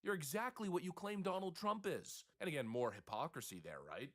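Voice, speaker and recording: A man's voice: a little high, lively intonation, fairly quick, hardly any pauses. A man delivering scornful, ranting political commentary.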